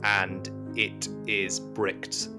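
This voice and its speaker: A man narrating a tabletop horror game as game master, in slow, measured lines. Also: sits low, flat delivery. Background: guitar music.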